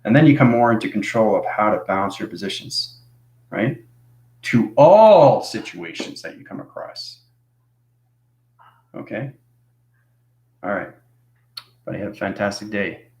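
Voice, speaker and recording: A man's voice: on the low side, very animated, normal speed, long pauses, darkish tone. A man giving spiritual advice to viewers, coaxing them along with "okay?" and "right?" and repeating phrases for emphasis. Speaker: spiritual vlogger. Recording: echoey room.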